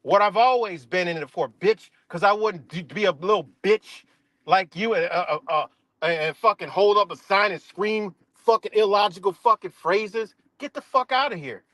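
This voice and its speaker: High voiced guy ranting and cussing on his stream, mocking, dry close audio. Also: normal speed, a bit bright, no room sound. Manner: aggressive, profane, mocking rant. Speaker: livestream host. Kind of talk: profane ranting livestream.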